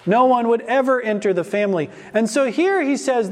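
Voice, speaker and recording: A man's voice: very high-pitched, brisk, hardly any pauses, in a large hall. A man preaching an expository sermon in a church, asking rhetorical questions and stressing key words.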